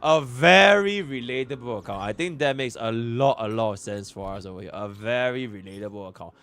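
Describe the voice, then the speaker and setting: A man from Singapore with a Singaporean English accent, streaming a game account review in an excitable, profane way that swings between loud bursts and muttering. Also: lowish voice, brisk, clear, resonant tone.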